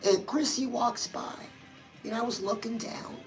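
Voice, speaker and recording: A woman's voice: fairly high pitch, measured pace, soft background music, rough recording. A woman hosting a chatty motivational livestream, talking straight to her viewers and calling them girl. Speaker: livestream host.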